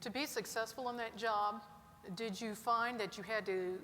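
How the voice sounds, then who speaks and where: A bright, higher-pitched woman poses questions to a panel in an easy, conversational way. Her voice has a long reverb from a large hall, with faint noise underneath. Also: fairly even intonation, moderate pace. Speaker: panel moderator. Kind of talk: moderating a panel.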